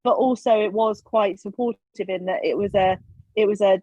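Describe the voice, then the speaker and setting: A female podcast guest, speaking at a moderate pace in a mid-range voice, tells stories casually and brings quoted lines to life with animation. The audio is dry and somewhat dull.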